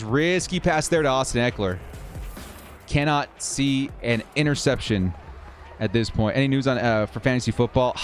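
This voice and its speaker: A talkative male live-streamer who drifts between calling simulated football plays and answering his chat in a relaxed, casual way. His voice sits at a middle pitch, and faint background music plays under it. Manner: chatty, reads and answers viewer comments between plays. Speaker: livestream host of football game simulations. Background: faint 1980s-style background music.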